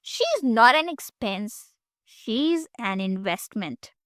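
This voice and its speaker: A woman voicing a greedy, scheming grandmother in her seventies who talks slowly and coldly in a scoffing way, in an audiobook story. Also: on the high side, big pitch swings, a bit bright, no echo, studio quality, exaggerated voice. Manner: slow, cold and scoffing.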